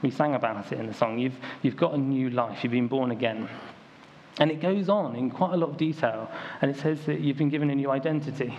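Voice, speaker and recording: A young British man with a mid-range, slightly mellow voice preaches briskly to a church congregation. His sermon is conversational and story-driven, full of "um" and "like." The lo-fi recording sounds dull, with faint ambient noise.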